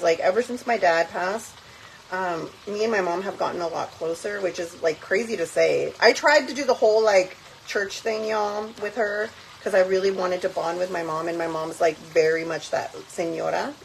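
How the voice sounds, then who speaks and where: A woman's voice: fairly low pitch, moderate pace, vocal fry, a little hiss or hum, poor audio. A young woman hosting a casual cooking vlog from her home kitchen, chatting freely and dropping in phrases. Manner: chatty, switches into Spanish phrases, frequent fillers. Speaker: cooking vlogger. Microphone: phone on a tripod.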